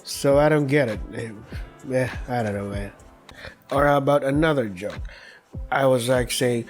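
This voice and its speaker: A man's voice: mid-range voice, steady tone, moderate pace, faint music behind. A man hosting a let's play who rambles through crude anecdotes in casual playthrough commentary and laughs at his own stories.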